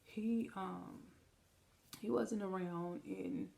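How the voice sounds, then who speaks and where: A woman's voice: medium pitch, fairly even intonation, extremely slow, creaky, warm tone. A woman telling a personal story on a casual storytime vlog, chatty and speaking straight to her viewers, acting out the lines of the people in it. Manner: chatty, addresses viewers directly; vivid retelling with quoted dialogue. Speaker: storytime vlogger.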